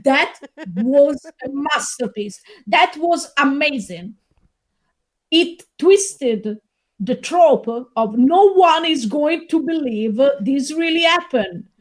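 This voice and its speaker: Slow, hesitant woman with a higher voice. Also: expressive, rough recording. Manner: slow and hesitant, frequent "uh" pauses. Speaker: film reviewer. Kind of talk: casual film review chat.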